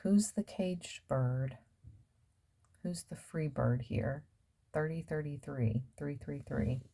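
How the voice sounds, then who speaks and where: A woman's voice: sits low, takes it slowly, gravelly, mellow, husky. A woman giving a casual tarot reading, musing aloud and trailing off with fillers as she turns over cards. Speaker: tarot reader.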